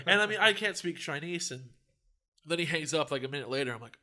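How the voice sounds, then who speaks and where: A man's voice: fairly high pitch, quick pace. An American man co-hosting a podcast, telling a story in casual chat with lots of swearing. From United States. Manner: profane, animated storyteller. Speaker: podcast co-host.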